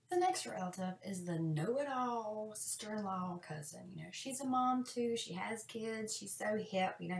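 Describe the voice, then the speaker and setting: A woman's voice: mid-range voice, vocal fry. Sassy woman doing comic advice. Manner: sassy, deadpan and folksy. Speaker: parenting comedy vlogger. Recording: echoey room, distant mic.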